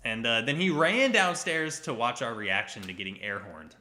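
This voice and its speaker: A man's voice: medium pitch, animated, normal speed, sharp tone. A man co-hosting a casual livestream, chatting easily with his partner and reacting to viewers. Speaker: co-host of a couple's livestream. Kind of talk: casual live chat.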